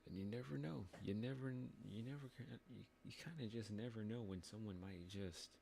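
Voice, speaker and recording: Man in casual chat, gravelly and dark-toned, slow and laid-back. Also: fairly low pitch, a little hiss or hum. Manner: laid-back, musing, hesitant.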